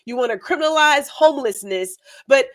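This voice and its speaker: A woman's voice: on the high side, expressive, normal speed. A woman from Houston talking in a casual group chat, emphatic, repeating her points for effect. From Texas, Houston. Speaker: guest.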